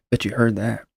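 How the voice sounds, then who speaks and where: A man's voice: fairly low pitch, creaky, a little mellow, husky, no room sound, studio quality. A man hosting his own show, chatting casually into a desk mic, rambling and joking as he goes. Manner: rambling, joking, talks over himself. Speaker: show host. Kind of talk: casual solo podcast chat. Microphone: desk mic with noise suppressor.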